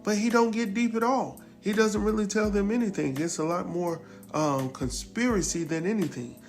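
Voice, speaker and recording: A man recapping a TV episode in a casual, animated way, exclaiming and chuckling as he talks straight to his viewers. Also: sits high, normal speed, faint music behind.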